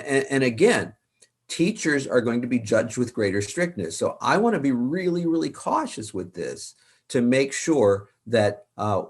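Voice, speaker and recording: A man's voice: on the low side, husky. A man, a worship leader and author, giving earnest, emphatic advice in an interview, repeating words for stress.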